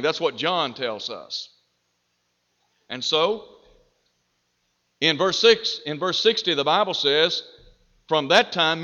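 Slow, bright-voiced preacher in a hall. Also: male voice, a little high. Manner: slow, deliberate preaching with emphatic rises. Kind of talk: sermon. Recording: dull reverberant hall.

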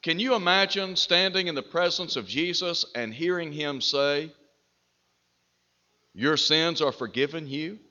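A man preaching a sermon, slow and deliberate, with emphatic rises on key phrases. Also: fairly high pitch, pushed and bright. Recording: dull reverberant hall.

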